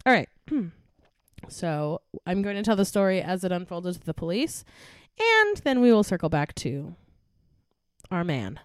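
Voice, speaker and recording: This true crime co-host is a young woman whose voice sits on the low side, very animated yet unhurried, in studio-quality sound without echo. She chats casually with her friend, laughs a lot, then reads through the notes of a murder case.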